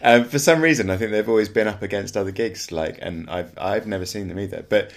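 A man's voice: on the low side, fast. A man co-hosting a podcast, chatting casually about bands and hedging with lots of filler phrases. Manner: rambling, hedging with "sort of" and "you know". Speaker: podcast co-host. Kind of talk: casual chat about live music.

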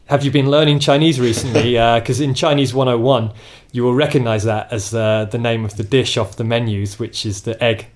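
A man's voice: mid-range voice, steady tone, brisk, few pauses. A man hosting a podcast, chatting casually about local gigs in a rambling, self-deprecating way. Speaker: podcast host.

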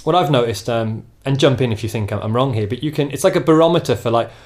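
A man's voice: mid-range voice, fast, a little mellow. Chatty male podcast host. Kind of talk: casual podcast chat.

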